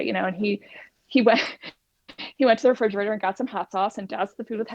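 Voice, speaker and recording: A woman's voice: medium pitch, fast. A woman, a plant-based cooking instructor, telling her personal story as a guest in an interview and acting out the dialogue. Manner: animated, acts out quoted dialogue. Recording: dull lo-fi recording, dry.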